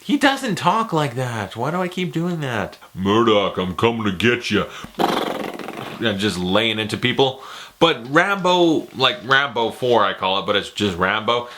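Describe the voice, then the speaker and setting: A young man giving casual, animated, profane commentary while ranking movies, often slipping into impressions. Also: mid-range voice, measured pace, background noise. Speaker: movie reviewer.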